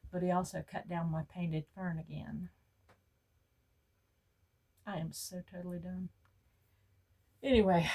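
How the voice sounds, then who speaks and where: A woman's voice: creaky, low-quality recording. Chatty older woman. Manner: chatty storyteller, quotes herself in high bursts. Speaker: vlogger showing store purchases. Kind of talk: casual haul chat to camera.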